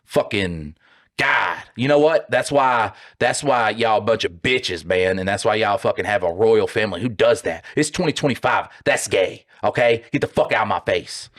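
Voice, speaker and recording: A man from the United States rants on a podcast with a fairly low voice. He mocks and swears heavily, and drops into silly put-on voices. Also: normal speed. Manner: loud, mocking, heavy swearing, puts on silly voices. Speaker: podcast co-host. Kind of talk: profane comedic rant.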